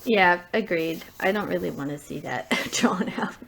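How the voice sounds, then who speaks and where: A woman's voice: lowish voice, moderate pace, vocal fry, a bit bright, slight background noise. A woman co-hosting a podcast in casual chat, blunt and opinionated with many fillers. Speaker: podcast co-host.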